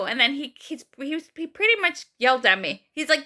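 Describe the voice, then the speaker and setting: A woman's voice: high voice, quick pace, hardly any pauses. A young woman vlogger telling a personal story casually, full of fillers, acting out what others said. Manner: animated retelling, acts out quoted voices, many fillers.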